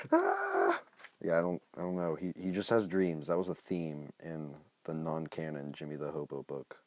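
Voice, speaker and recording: A man's voice: a bass voice, dark tone. A man reading his own comic aloud on a phone live stream, breaking off for jokey, self-mocking asides.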